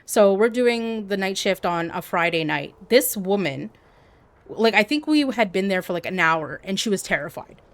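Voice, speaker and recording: A woman livestreamer telling stories in casual chat, animated and peppered with "like". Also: mid-range voice, moderate pace. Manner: animated, heavy use of "like".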